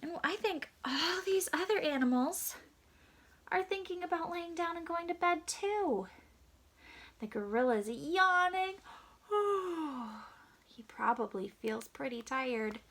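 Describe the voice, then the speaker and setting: A woman reading a picture book aloud to young children, asking them gentle questions and sometimes dropping to a hushed whisper. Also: very high-pitched, expressive, a little slow. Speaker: children's story reader.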